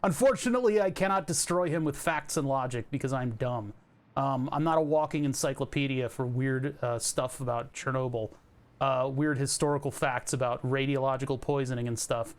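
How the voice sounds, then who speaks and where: A man's voice: mid-range voice, steady tone, moderate pace. A man streaming a building game, chatting casually to his viewers in a rambling, self-mocking way. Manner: rambling, self-mocking, jokey asides to chat. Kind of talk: casual gameplay commentary.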